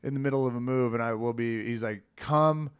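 A man's voice: mid-range voice, fast talker, clean tone. A man co-hosting a casual podcast chat, telling stories animatedly with frequent laughs and acted-out quotes. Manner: animated storyteller, laughs often, acts out quotes. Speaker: podcast co-host.

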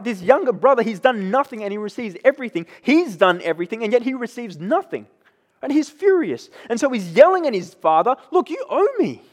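A man preaching a sermon who keeps checking in with his listeners by asking "right?". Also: sits high. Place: church. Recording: long echo of a church hall.

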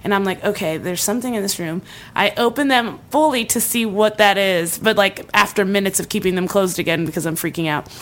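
A young woman telling a comedic story in casual chat, animated and full of likes and ums, often breaking into laughter. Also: medium pitch, fairly quick, hardly any pauses.

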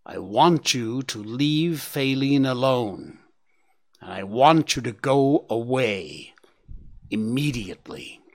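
Guy reading a young buck, gentle but seething, slow and restrained, voice rising and falling a lot. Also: medium pitch. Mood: restrained anger. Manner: calm, restrained, quivering with suppressed anger. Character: young male stag, gentle but holding back fury. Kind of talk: audiobook character reading.

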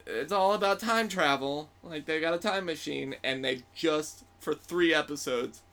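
A man's voice: fairly high pitch, unhurried. A man chatting casually and playfully about comic books as a podcast host. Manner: playful, jokey, animated.

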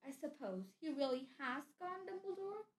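A woman's voice: high voice, expressive, pitched above the performer's own voice. A woman reading a stern, impatient woman professor. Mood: brisk. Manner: brisk and impatient. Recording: echoey room.

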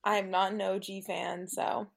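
A woman's voice: mid-range voice, level tone, normal speed, vocal fry. Giggly woman co-hosting a chatty podcast. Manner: giggly, many "like" fillers. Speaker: podcast co-host. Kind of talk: casual chat among friends.

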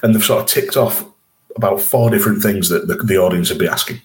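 A podcast co-host with a low voice talks quickly, casually reviewing an episode and laughing a lot.

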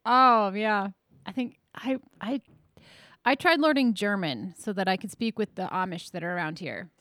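A woman's voice: mid-range voice, animated, normal speed, a bit bright, dry recording. Woman, podcast host, casual interview chat, dry recording. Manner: friendly, encouraging interviewer.

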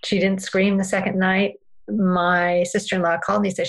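A woman guest telling parenting stories in a calm, earnest, unhurried way during a podcast conversation. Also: mid-range voice, rough recording.

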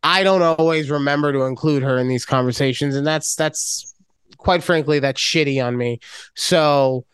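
A man co-hosting a casual podcast, telling a story in a profane and animated way. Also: on the high side, normal speed, clear, resonant tone, dry recording. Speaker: podcast co-host. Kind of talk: casual chat.

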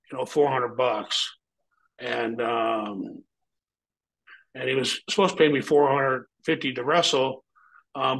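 A man's voice: mid-range voice, fairly bright tone, low-quality recording. A middle-aged man, a former pro wrestler, telling a story as an interview guest in a blunt, heavily profane way.

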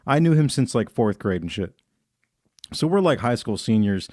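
A man's voice: fairly low pitch, very animated, normal speed, darkish tone, no echo, clean studio sound. A young man co-hosting a podcast, telling a long story in loose, profane casual chat and acting out the people he quotes. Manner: loose storyteller, swears a lot, acts out quoted voices. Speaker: podcast co-host.

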